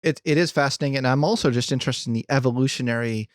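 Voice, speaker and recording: A man's voice: medium pitch, rapid-fire, dry recording, clean studio sound. A man hosting a podcast, talking in a casual, hesitant way with many fillers and laughs. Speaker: podcast host. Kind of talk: casual interview chat.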